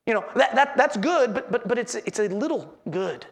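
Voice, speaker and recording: Gravelly-voiced pastor preaching. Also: male voice, extremely high pitch, lively intonation, moderate pace. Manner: earnest preaching with repeated headings and questions to the congregation. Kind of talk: sermon.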